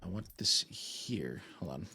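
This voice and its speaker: A man's voice: sits low, animated, a little slow, pushed and bright, husky. A young man chatting casually to his live-stream audience, goofy and rambling while he fiddles with his setup.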